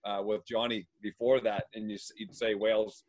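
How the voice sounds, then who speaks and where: A man's voice: lowish voice, normal speed. A man from North America, a former hockey player, telling stories in a rambling, filler-heavy way. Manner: rambling, lots of fillers, animated. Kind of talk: casual storytelling.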